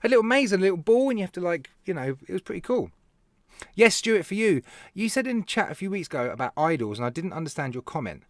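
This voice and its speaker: A British man chats casually to his live-stream viewers, his voice sitting a little high and swinging up and down as he tells his stories. He laughs often and calls out to people by name. The sound is dry, with no room echo. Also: very animated, fast. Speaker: live show host, vape reviewer.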